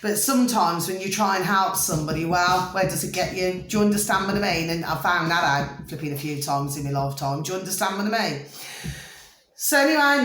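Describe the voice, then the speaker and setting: A woman's voice: on the low side, a bit bright. A woman talking casually to camera, chatty and always checking that the listener follows her. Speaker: vlogger. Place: room at home. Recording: echoey room.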